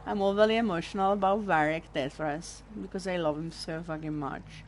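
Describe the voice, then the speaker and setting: A woman's voice: fairly low pitch, fairly even intonation, a little fast, slight background noise. Emotional Italian woman commenting on a game. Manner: emotional, rambling, swearing. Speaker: let's play host. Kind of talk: casual gameplay commentary.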